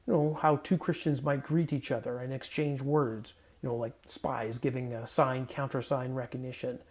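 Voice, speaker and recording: Male pastor, medium pitch, mellow tone; conversational, playful sermon with self-corrections. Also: fairly even intonation, normal speed. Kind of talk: casual sermon with scripture reading. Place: home guest room.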